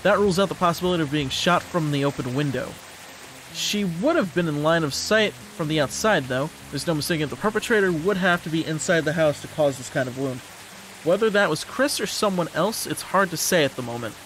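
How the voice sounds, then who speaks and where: A man's voice: fairly high pitch, animated, a little fast, a bit bright, slight background noise. A man voicing a methodical, matter-of-fact male detective, read aloud plainly. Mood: measured. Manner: plain, reading-aloud delivery.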